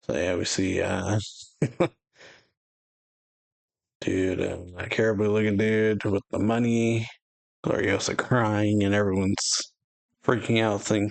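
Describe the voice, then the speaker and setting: A man with a low voice and a gravelly texture talks through a manga chapter as host of his own reaction channel. He reads each character's lines plainly and slips in short laughs and comments. The sound is dry and close, with no room in it. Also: fairly even intonation, slow, dry recording, poor audio. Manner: reads manga dialogue aloud in a plain voice, adding chuckles and asides. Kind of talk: casual reading and commentary.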